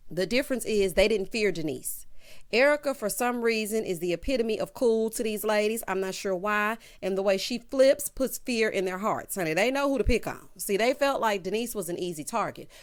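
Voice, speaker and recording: Woman vlogger, sassy and sarcastic; casual gossip-recap delivery with mocking impressions; mid-range pitch. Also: lively intonation, normal speed. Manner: sassy, sarcastic, mimics cast members in exaggerated voices.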